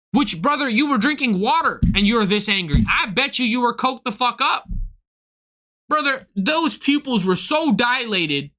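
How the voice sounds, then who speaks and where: A man's voice: very high-pitched, normal speed. A young man streaming, telling a story in a casual, profane, incredulous way and acting out both sides. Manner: animated, profane, incredulous retelling. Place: home streaming setup.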